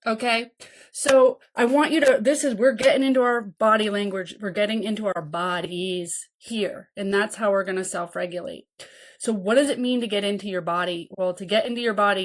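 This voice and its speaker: A woman's voice: mid-range voice, moderate pace. A woman in her thirties, a podcast host and mentor trainer, talking casually and checking in with "okay?" and "right?". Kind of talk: casual teaching talk.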